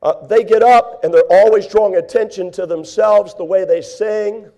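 Male preacher, high-pitched, folksy sermon delivery with playful asides. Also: moderate pace, dark tone. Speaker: pastor.

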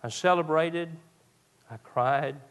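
A male pastor, preaching a sermon that moves from quiet storytelling to raised, fervent preaching. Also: on the high side, slow, smooth.

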